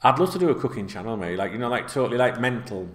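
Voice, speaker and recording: A man's voice: medium pitch, animated, very fast. A middle-aged man, rambling casually in a sweary, filler-heavy way while seated at home. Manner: chatty, sweary, with many fillers. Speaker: football vlogger. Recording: roomy echo.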